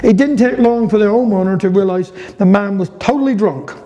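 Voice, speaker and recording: A man's voice: sits high, fairly quick, dark tone, rough recording. A man with a Cornish accent reading humorous dialect stories and rhymes in a chatty way to a live audience at a heritage talk. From Cornwall. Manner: chatty, humorous rhyming recitation. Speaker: dialect storyteller.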